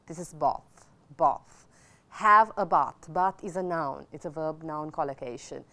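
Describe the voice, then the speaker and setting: A woman's voice: sits low, a little slow, pushed and bright. A middle-aged woman with a Sri Lankan accent teaching English on a TV lesson, drilling phrases over and over and switching into Sinhala.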